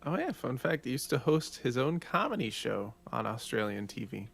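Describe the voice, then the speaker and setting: A morning show co-host with a gravelly, husky voice that jumps around in pitch. They answer with quick asides and laughs, with faint music underneath. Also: sing-song, a bit bright. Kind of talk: casual live-stream radio chat.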